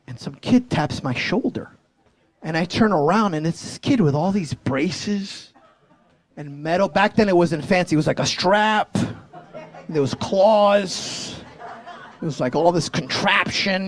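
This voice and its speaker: A man in his forties performing a high-energy stand-up set, telling a story animatedly on a comedy club stage. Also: expressive, unhurried, no room sound.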